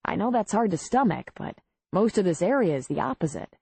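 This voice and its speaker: A woman voicing a steady, plainspoken small-town bar owner in an audiobook. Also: medium pitch, fairly quick, creaky, husky, no room sound, heavily acted. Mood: reassuring. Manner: calm, matter-of-fact.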